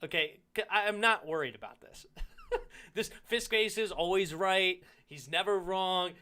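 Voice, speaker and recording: A man hosting a casual sports talk show, animated and reacting to a rival's clip. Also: high voice, moderate pace, smooth. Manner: animated, swings from heated to sheepish. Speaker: sports talk channel host.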